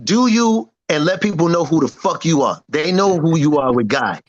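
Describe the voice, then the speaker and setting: A man's voice: on the high side, animated, normal speed, highs cut off. A man in his fifties, a singer and producer giving an interview, talking emphatically and boastfully and acting out what friends told him. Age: 50s. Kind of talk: animated casual interview talk.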